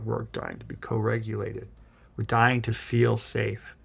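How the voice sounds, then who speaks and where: A man's voice: medium pitch, gravelly, slightly rough. A man giving an earnest motivational talk as a relationship coach, coaching men with direct instructions. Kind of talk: motivational monologue.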